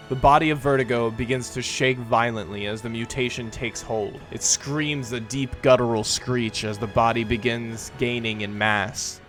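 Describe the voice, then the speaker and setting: A man narrating as the game master of a tabletop role-play game, setting scenes in a measured, dramatic way. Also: mid-range voice, fairly even intonation, fairly bright tone, soft background music.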